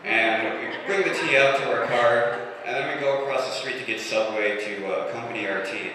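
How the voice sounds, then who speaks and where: A young man in his twenties doing a deadpan stand-up set, slipping into voices for the people he quotes. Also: mid-range voice, a little fast, far from the mic. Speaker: stand-up comedian. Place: comedy club stage. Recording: roomy live club recording with room noise. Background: audience laughter.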